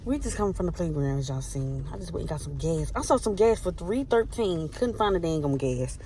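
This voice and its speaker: A Baltimore, Maryland woman in her twenties vlogs from her car and around town, telling animated, slangy stories with swearing and loudly shouting out the quotes she retells. She has a Baltimore accent and a brisk voice on the low side. The phone recording is noisy with car and street sounds.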